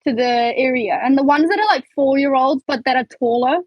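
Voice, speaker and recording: A woman's voice: high voice, fairly quick, no room sound. A young woman co-hosting a podcast in casual chat, telling stories with many fillers and restarts. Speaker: podcast co-host. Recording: dull lo-fi, dry sound.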